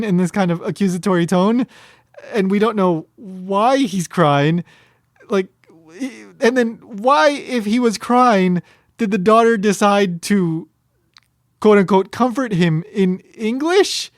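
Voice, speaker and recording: A man hosts a podcast in casual commentary. His voice sits a touch high, and the sound is dry and close with no room around it. He rambles through fillers and restarts with a wry, amused tone. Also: measured pace, dry recording. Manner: wry, amused, breaks into chuckles. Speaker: podcast host.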